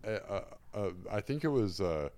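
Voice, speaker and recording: Young man, laid-back co-host, rambling storyteller, low and mellow. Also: very animated, moderate pace. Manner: rambling, full of fillers and laughs. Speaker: podcast co-host. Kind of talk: casual chat, storytelling.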